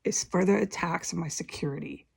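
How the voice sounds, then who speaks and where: A woman vlogger talks a little fast in a lowish, creaky, husky voice. Giving personal testimony about a terrifying confrontation, she gets emotional, repeats herself, curses, and mimics what people said.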